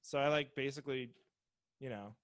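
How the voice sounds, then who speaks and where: A man's voice: medium pitch, moderate pace, dry recording. Man telling a rambling comic story. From Seattle area. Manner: rambling, self-deprecating anecdote telling. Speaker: comedian and podcast co-host. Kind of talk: casual storytelling chat.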